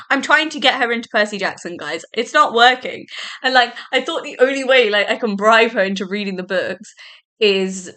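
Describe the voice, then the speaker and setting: Young woman, solo podcast host, bright voice, excitable and rambling. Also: mid-range voice, moderate pace. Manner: chatty and excitable, many "like"s and tangents. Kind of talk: casual solo podcast chat.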